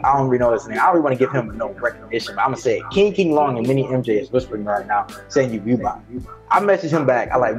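A man, a streamer guest, telling stories in casual chat, profane and animated, acting out what others said. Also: medium pitch, soft background music. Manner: fast, profane storytelling, acts out quotes.

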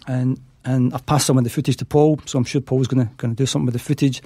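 A man's voice: mid-range voice, fairly even intonation, quick pace, warm tone, husky, no echo. A middle-aged Scottish man, a podcast guest, telling stories and acting out the dialogue in them. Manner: acts out quoted dialogue in his stories. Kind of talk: anecdotal storytelling.

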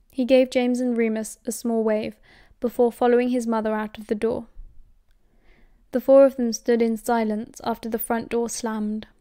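Mellow British woman reading aloud. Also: on the high side, dry recording, clean studio sound. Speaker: audiobook reader. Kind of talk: fan audiobook narration.

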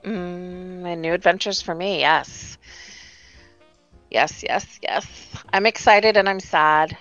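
A woman hosting a virtual-world event in casual chat, emotional and halting, with many fillers. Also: on the low side, a bit bright, dry recording, muffled recording, faint music behind.

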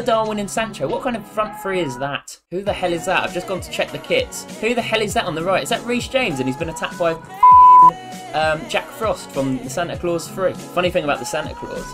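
Lively, jokey man gaming. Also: on the high side. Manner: animated, jokey, rambling and self-mocking. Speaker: gaming YouTuber. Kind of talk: casual gaming commentary.

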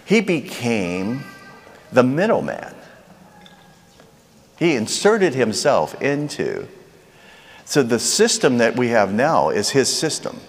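A man's voice: medium pitch, very animated, takes it slowly, pauses often, slightly rough, in a large hall. A man preaching a sermon in a conversational way, asking the crowd rhetorical questions.

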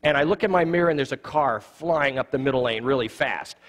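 Fast-talking man teaching in a church. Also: medium pitch, a bit bright. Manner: quick, jokey storyteller who acts out quoted dialogue. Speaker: lay evangelism trainer. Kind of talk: live teaching talk with humorous stories. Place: church sanctuary. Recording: long church reverb.

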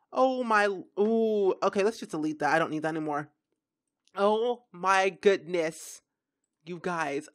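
A young woman casually commenting on her own gameplay, chatty and quick to react. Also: medium pitch, fairly bright tone. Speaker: gaming YouTuber. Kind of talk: casual let's-play commentary.

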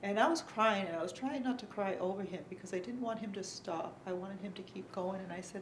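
A middle-aged woman speaks earnestly on a conference panel, pausing often and filling gaps with soft ums. Her voice sits at an ordinary middle pitch. It carries through a roomy, echoing hall over a faint background noise. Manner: earnest, halting, with many pauses and fillers. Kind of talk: personal testimony at a panel. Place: conference room.

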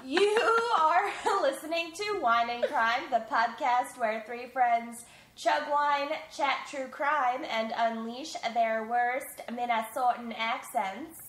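A woman's voice: sits high, slow, fairly bright tone, reverberant, slight background noise. A woman co-hosting a podcast in casual chat, giggly and prone to rambling. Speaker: podcast co-host.

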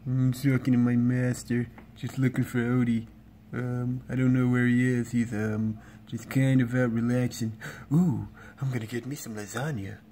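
A man doing an impression of a lazy, lasagna-loving male cartoon cat with a bossy drawl, in a flat low voice over faint background hum. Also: moderate pace, natural voice.

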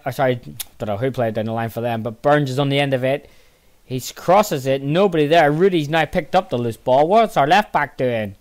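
A tired, yawning man commentating casually on his own football management game, muttering low between excitable outbursts. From Northern Ireland. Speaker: gaming channel host.

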